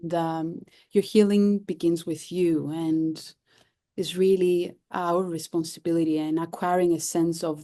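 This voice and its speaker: Brief: woman therapist from Cyprus, low warm voice, reflective with fillers. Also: steady tone, unhurried. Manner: thoughtful, repeating phrases, frequent fillers. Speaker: therapist, guest. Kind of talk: interview conversation.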